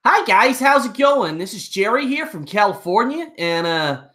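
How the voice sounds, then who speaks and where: A man's voice: sits high, sing-song, normal speed, pushed and bright, pitched above the performer's own voice, exaggerated voice. A man putting on an American accent to play a cheery guy greeting viewers. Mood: breezy. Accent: put-on American.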